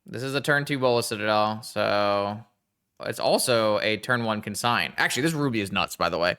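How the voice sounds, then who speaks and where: A man giving casual live-stream gameplay commentary, thinking aloud and talking to his chat in a chatty, excitable way. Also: lowish voice, moderate pace, smooth.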